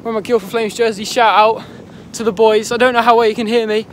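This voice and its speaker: A young man with a high, boyish voice talks loudly to his phone camera while out in a blizzard. He is excitable and a little out of breath, and he swears casually. Heavy wind noise roars around the phone mic. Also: brisk. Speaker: vlogger. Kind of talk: casual vlog talk to camera. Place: outdoors on a snowy golf course in a blizzard. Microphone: handheld phone.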